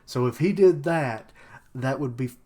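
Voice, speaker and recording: A young man streaming a live reaction to a comic chapter, excitable and casual, laughing and swearing and fumbling for names as he reads. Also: medium pitch, a little slow. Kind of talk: live reaction while reading aloud.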